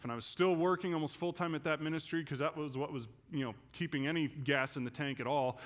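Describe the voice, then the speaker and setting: Pastor guy preaching at church, kinda high voice, goes quiet then gets loud and intense. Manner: personal storytelling, swings from hushed to loud and intense. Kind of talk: sermon.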